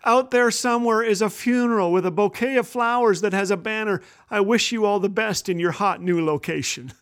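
A man's voice: sits high, brisk, clean tone. A man voicing a flustered male florist who pleads his own case in a joke. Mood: pleading. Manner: tearful, pleading.

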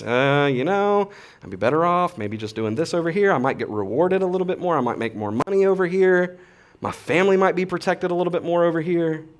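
Youngish pastor guy preaching, kinda high voice, laid back slangy but gets loud and fired up. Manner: casual, animated preaching with slang and swings from soft to loud. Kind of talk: sermon.

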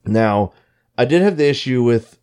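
A man in casual chat, telling stories in an animated, profane way. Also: medium pitch, normal speed, clean tone.

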